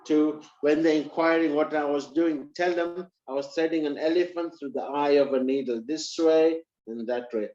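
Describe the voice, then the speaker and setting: The Lord speaks gently and with quiet certainty, as a man takes on the role in a sermon story. His voice sits a bit high, and the room sounds echoey and a little muffled. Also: fairly even intonation, moderate pace, few pauses, natural voice. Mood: assured. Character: wise, calm male Lord, a deity. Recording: roomy, slightly dull recording.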